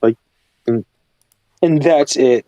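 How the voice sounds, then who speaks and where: A man's voice: medium pitch, slow pace, mellow, no room sound, lo-fi sound. Laid-back young guy chatting, dry close mic. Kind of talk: casual chat.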